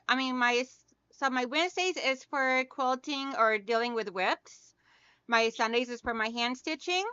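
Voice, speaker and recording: A middle-aged woman chats on a home craft livestream, greeting viewers by name in a bright, forceful voice with a smooth, crisp tone. The sound is dry but a bit dull and lo-fi. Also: high-pitched, no echo. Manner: chatty, greets viewers by name, calls them hon and girl. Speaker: craft channel host. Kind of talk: casual livestream chat while hand quilting.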